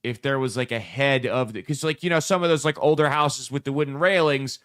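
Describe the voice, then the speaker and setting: A man's voice: mid-range voice, a little fast, fairly bright tone, clean tone, no echo, studio quality. A man co-hosting a casual podcast chat, skeptical and teasing, with lots of filler words. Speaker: podcast co-host.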